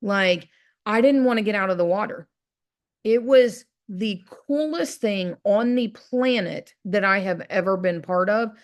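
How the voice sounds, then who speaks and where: A woman's voice: medium pitch, unhurried. Brief: woman, motivational speaker, chatty storyteller who acts out her inner voice and keeps checking in with "right?".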